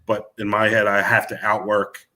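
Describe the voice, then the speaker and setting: A man's voice: fairly low pitch, flat delivery, normal speed, sharp tone. A middle-aged man, a music manager, talking in a casual interview and rambling with many restarts and fillers. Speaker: music manager and producer guest.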